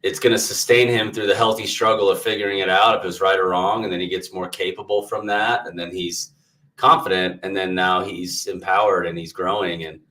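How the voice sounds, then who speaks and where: Male podcast host, very deep voice, affirming, recorded from a distance. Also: steady tone, brisk, bright, forceful tone. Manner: affirming, builds on guest's point. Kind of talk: casual conversation. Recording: distant from the mic.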